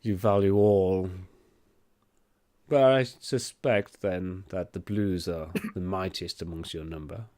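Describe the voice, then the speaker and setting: Haughty ancient blue dragon voiced by a man, very deep, slow grand pronouncements. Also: fairly even intonation, darkish tone, no room sound. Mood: condescending. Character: huge ancient male blue dragon, proud and condescending.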